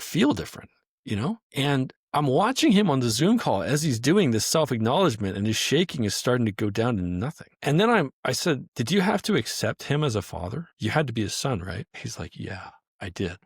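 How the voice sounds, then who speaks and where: A man working as a life coach, telling a client story in casual, animated speech with frequent swearing and acted-out quotes. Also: mid-range voice, breathy edge, no room sound, clean studio sound.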